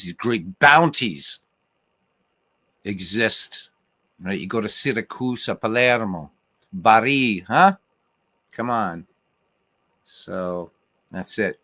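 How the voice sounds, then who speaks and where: Male livestream host from Ireland, lively pitch, bright tone, dry close sound, rambling chat. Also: no echo. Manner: rambling and animated, swears freely, many fillers and restarts. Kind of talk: casual livestream chat reading viewer comments.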